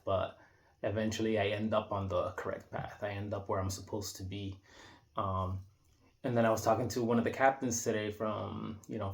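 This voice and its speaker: Reflective man in his thirties, rambling. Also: fairly low pitch. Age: 30s. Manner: rambling, reflective, with many restarts and "like"s. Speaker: vlogger. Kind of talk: casual unscripted monologue. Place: indoor room.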